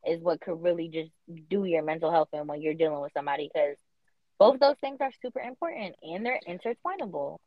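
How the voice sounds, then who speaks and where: A woman's voice: low-pitched, animated, a little fast, dry recording. Young woman, podcast co-host: casual, emphatic, slangy; dull lo-fi audio. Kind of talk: casual chat.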